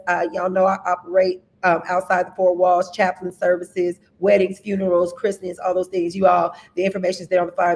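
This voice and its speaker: A woman minister hosting a livestream, giving announcements in a lively, preacher-like way and greeting viewers by name. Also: medium pitch. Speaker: host and minister. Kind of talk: livestream announcements and shout-outs.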